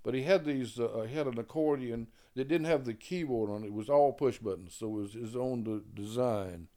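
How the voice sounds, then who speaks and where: Talking a little fast with a warm tone, an older jazz player recounts his early years in long, easygoing stories. He leans on "you know" and "man," and pushes his pitch up when voicing other people's words.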